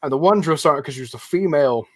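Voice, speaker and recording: A man's voice: a little high, expressive, fast, a bit bright, dry recording. Laid-back male podcast co-host. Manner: laid-back storytelling with frequent laughs. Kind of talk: casual chat.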